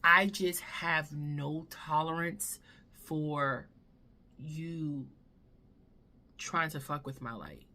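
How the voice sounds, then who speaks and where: Brief: woman vlogger, low voice, slow and earnest, candid with casual swearing, seated at home. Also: bright, forceful tone. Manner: emotional, drops to a whisper at times. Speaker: beauty vlogger. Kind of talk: candid life-update chat to camera. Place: home room, seated in front of camera.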